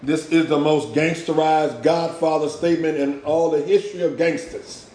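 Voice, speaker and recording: Fired up preacher guy, slangy, kinda high voice, loud then quiet, echoey church sound. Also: fairly even intonation, normal speed, a little hiss or hum. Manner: impassioned, swings from loud shouts to low hushed lines; uses street slang for emphasis. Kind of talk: sermon.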